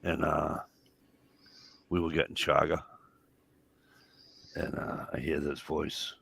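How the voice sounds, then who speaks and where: Gravelly deep-voiced man telling stories. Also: slow pace, a little hiss or hum. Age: middle-aged. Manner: profane, animated anecdote telling. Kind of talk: casual chat.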